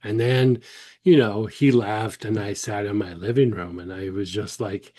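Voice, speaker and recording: A man casually telling a personal story, rambling with many restarts and animated retold dialogue. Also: on the low side, measured pace, husky. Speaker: host.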